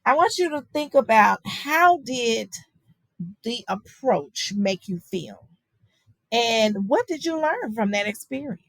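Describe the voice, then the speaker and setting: A woman's voice: fairly high pitch, expressive, slow, fairly bright tone, no echo, rough recording. A woman teaching a virtual class on guiding young children, talking in a conversational way with many fillers and frequent "okay?" checks. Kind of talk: virtual lecture on child guidance.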